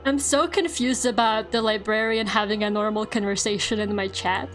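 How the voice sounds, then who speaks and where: A woman's voice: medium pitch, fairly even intonation, moderate pace, fairly bright tone. A woman VTuber chatting casually while she draws on stream, rambling, laughing often and swearing offhandedly. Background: faint video game soundtrack music.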